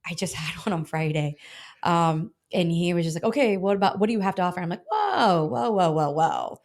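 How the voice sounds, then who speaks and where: A middle-aged woman talking quickly in a somewhat low voice, guesting on an interview show. She tells stories about her work as a health insurance broker and acts out both sides of her phone calls. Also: steady tone, darkish tone. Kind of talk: casual interview storytelling.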